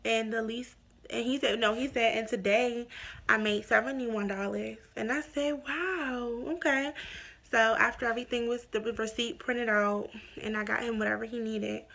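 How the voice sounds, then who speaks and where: A woman's voice: on the high side, normal speed, vocal fry. A young woman casually telling a personal story on her vlog, acting out the dialogue as she goes. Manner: animated retelling with quoted dialogue.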